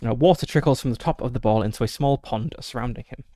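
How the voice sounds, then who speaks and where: A man's voice: mid-range voice, fast talker, warm tone, no echo, studio quality. A man streaming a solo tabletop game, reading the gamebook aloud with frequent fillers and short asides.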